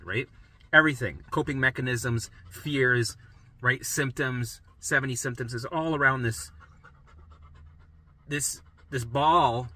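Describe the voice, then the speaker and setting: A man's voice: medium pitch, bright, forceful tone. A middle-aged man coaching listeners on recovery in an emphatic monologue, often tagging sentences with "right?" and swearing casually. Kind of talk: motivational monologue.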